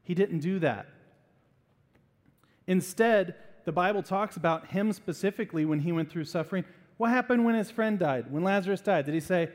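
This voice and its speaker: A man preaching a sermon as pastor, animated and acting out little voices to make a point. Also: high-pitched, moderate pace, in a large hall.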